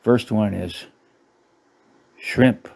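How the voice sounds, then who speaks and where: A man's voice: lowish voice, very slow, vocal fry, a little mellow. A middle-aged man ranting sarcastically about a menu, cursing and laughing at his own jokes. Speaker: channel host. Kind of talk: casual ranting commentary.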